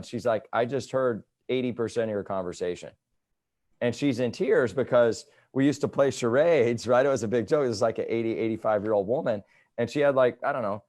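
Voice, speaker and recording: A man in his thirties, a chiropractor, telling patient stories in a casual interview, often tagging "right?" onto his points. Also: medium pitch. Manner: animated storytelling, repeats "right?" often.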